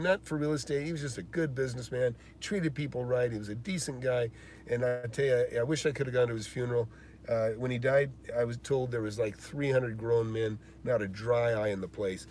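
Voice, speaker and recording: A man with a mid-range, darkish voice hosts a real estate investing live stream, answering viewer questions and telling stories. He uses many fillers and a lot of emphasis, with slight background noise.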